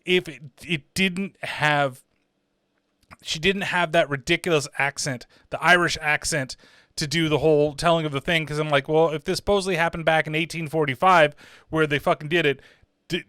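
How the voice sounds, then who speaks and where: A man's voice: on the high side, fairly even intonation, normal speed, pushed and bright, clear, resonant tone, no echo, studio quality. A man hosting a casual horror film review, rambling and swearing freely with lots of "like" and "uh" fillers. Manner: rambling, profane, full of fillers like "like" and "uh". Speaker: horror movie reviewer, channel host.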